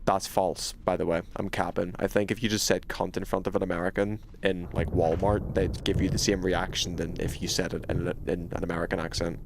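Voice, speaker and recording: A British man giving casual gameplay commentary on a livestream, chatty and swearing freely with sudden excited outbursts. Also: low-pitched, fairly quick, vocal fry, few pauses, slight background noise.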